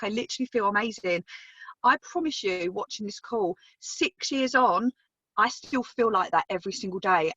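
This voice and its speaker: A woman in her thirties tells her story in an emphatic, chatty business testimonial on a group video call, casually swearing along the way. Her medium-pitched voice is bright, forceful and slightly rough. The audio is dull, with no echo.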